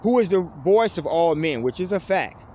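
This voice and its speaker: Impassioned male preacher, animated delivery, tags phrases with a dropped-low "folks", faint urban noise in background. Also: moderate pace. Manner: fervent, says "folks" after nearly every phrase, voice dropping low on it. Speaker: preacher addressing online viewers. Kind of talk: impassioned spiritual monologue.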